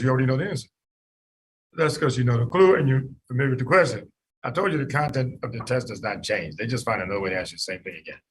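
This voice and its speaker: Male lecturer, fairly high and husky; animated, quizzes students by name. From United States. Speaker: medical lecturer. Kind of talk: classroom lecture.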